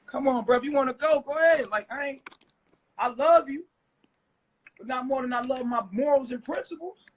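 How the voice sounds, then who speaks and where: A man with a strikingly high, husky voice rants on a livestream. He accuses his wife of betraying him, swears heavily and often breaks into shouting. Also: moderate pace. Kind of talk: heated livestream rant.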